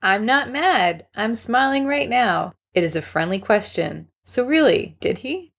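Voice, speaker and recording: A woman's voice: a little high, a little slow, creaky, husky, heavily acted. A woman voicing a jealous, snappish young man. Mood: jealous, snappy. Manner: snappish, flat.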